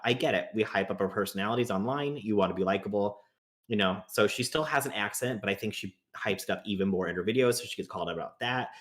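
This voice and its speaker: A male guest commentator speaking on a live stream in a low voice. He explains things emphatically, with an animated push behind his points. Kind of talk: casual commentary chat.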